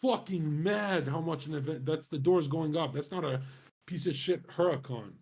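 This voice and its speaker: A man's voice: fairly high pitch, moderate pace, creaky, darkish tone, slightly rough. A young man streaming, talking in a casual, rambling way, swaggering and full of profanity and slang.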